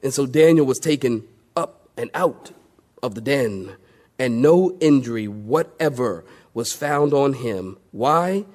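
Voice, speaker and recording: A male pastor preaching a sermon to a congregation, swinging between loud emphatic highs and hushed lows and calling for amens. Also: lively intonation, slow pace. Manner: call-and-response with the congregation.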